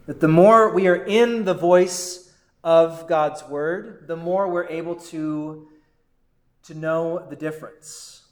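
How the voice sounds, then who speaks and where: A man preaching a sermon as a pastor, in a measured way with deliberate pauses. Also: fairly high pitch.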